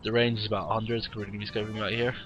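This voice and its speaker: A man with a cold, casually commentating a game replay in a warm room at home with wry, rambling asides. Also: lowish voice, level tone, racing, lo-fi sound, background noise. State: has a cold, sniffly.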